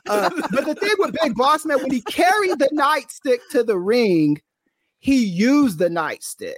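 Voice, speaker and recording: A man co-hosting a casual wrestling podcast, talking in an animated, opinionated and teasing way. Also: very high voice, a little slow, no echo, clean studio sound. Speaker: podcast co-host.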